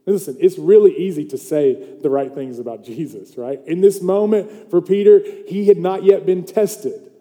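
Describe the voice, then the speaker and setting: A man's voice: sits high, normal speed, few pauses, warm tone. A man preaching a conversational sermon as pastor, telling the story with animation and checking in with the congregation with "okay?" and "right?". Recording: long hall reverb.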